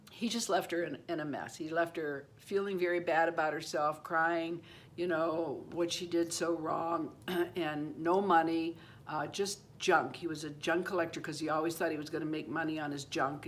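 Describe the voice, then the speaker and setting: A woman's voice: deep voice, a little hiss or hum. A woman in her seventies hosting her own channel, telling a true personal story in a loose, rambling way that keeps circling back with "anyway" and "you know.". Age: 70s. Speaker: channel host. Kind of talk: personal story told to camera.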